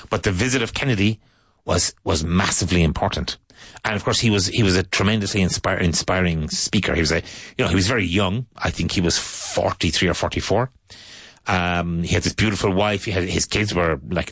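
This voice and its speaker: A man with an Irish accent explaining patiently in casual talk, pausing to search for words, as a teacher. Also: low voice, fairly bright tone, no echo.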